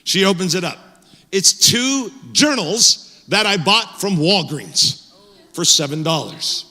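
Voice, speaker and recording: Bright-voiced male pastor in echoey church. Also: sits high, slow. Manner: animated, conversational, frequent fillers and restarts. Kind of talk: sermon with personal storytelling. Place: church sanctuary.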